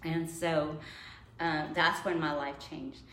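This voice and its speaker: A woman's voice: low-pitched, little pitch movement, takes it slowly, fairly bright tone. A woman telling a personal faith story in casual conversation, laughing often and acting out her own past thoughts. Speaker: guest. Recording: echoey room, faint noise.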